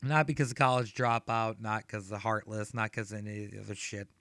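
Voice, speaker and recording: A man's voice: fairly low pitch, fairly even intonation, fairly quick, a bit bright, no echo. A man in his thirties doing a stand-up set, telling rambling, profane stories. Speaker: stand-up comedian.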